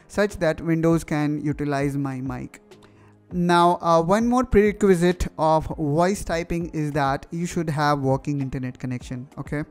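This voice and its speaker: A man with an Indian accent walking through a software tutorial on screen, talking casually with fillers and addressing viewers as "guys". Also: fairly high pitch. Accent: Indian English. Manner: explanatory, with frequent fillers like "you know" and "guys". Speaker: tech tutorial host.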